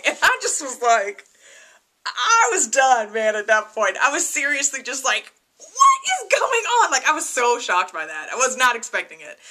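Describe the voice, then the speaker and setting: A young woman chatting excitedly through a casual TV episode review, full of fillers and "right?". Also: high-pitched. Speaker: TV review vlogger.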